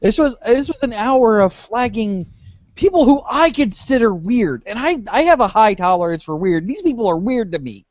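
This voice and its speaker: A man hosting a podcast, telling a convention story in a lively way, acting out the lines of the people in it. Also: high-pitched, moderate pace, no echo, muffled recording. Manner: animated storyteller acting out dialogue, laughing often. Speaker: podcast host. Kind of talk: casual anecdote telling.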